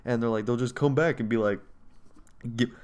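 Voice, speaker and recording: A man's voice: medium pitch, fast talker, clean tone. A man in casual chat, animatedly retelling a movie plot with jokey asides. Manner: animated storytelling with jokey voices.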